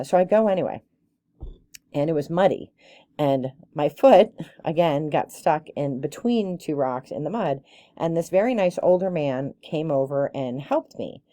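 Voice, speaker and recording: A woman's voice: sits low, no room sound, clean studio sound. A woman in her forties, a hiking group leader, telling a personal story in a casual, chatty way, full of fillers and restarts. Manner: animated and indignant when retelling confrontations.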